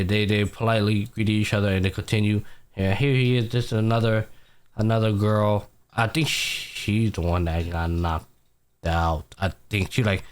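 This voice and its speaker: A young man hosting a podcast, casually retelling anime episodes, acting out the characters' lines in loose, slangy talk with some swearing. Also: on the low side. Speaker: podcast host. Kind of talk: casual anime recap chat.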